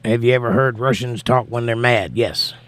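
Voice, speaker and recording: A man's voice: medium pitch, fairly even intonation, moderate pace, fairly bright tone. A man hosting a livestream, reading viewer comments aloud and answering them in casual chat.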